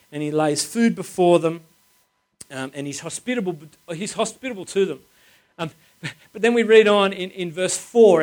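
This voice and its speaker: Guy preaching, bit higher voice, punchy and repetitive, talks casual with the church. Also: darkish tone. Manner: emphatic, repeats phrases for stress; informal, chatty with the congregation. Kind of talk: sermon.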